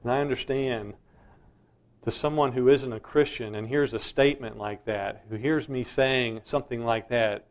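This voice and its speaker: A man's voice: medium pitch, normal speed, dull audio. A middle-aged man preaching a sermon as a pastor, emphatic and insistent.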